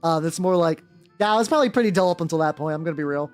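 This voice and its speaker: Talking at a racing pace in a low, a little mellow voice, a young adult woman chats casually on her VTuber stream while painting miniatures. She rambles, swears freely and leans hard on "like," with faint background music underneath.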